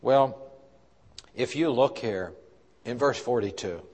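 A man's voice: mid-range voice, takes it slowly. Man preaching in a reverberant church hall. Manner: preaching with rises and drops in loudness, asking the congregation questions. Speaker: pastor. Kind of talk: sermon.

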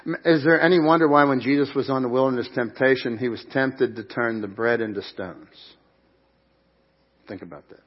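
A man's voice: medium pitch, normal speed, husky, highs cut off. A middle-aged man preaching a sermon at a church service, earnest and emphatic, with repeated phrases. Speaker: pastor.

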